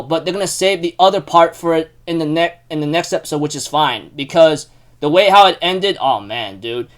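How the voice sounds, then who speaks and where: A young man hosting a casual anime recap, excitable and full of fillers like "dude" and "you know". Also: high voice.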